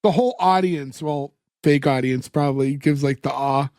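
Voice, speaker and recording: A man's voice: on the high side, normal speed, darkish tone, no room sound, studio quality. A man co-hosting a podcast, chatting casually and rambling through a TV episode recap with many fillers. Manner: rambling, lots of fillers, retells scenes. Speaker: podcast co-host.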